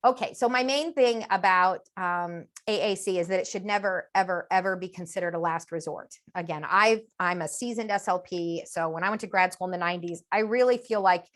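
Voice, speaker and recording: A woman in her fifties, a speech-language pathologist, talking as a guest on an interview podcast and lively acting out children's phrases. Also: fairly low pitch, fairly quick, few pauses. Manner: animated, acts out children's phrases in a sing-song voice.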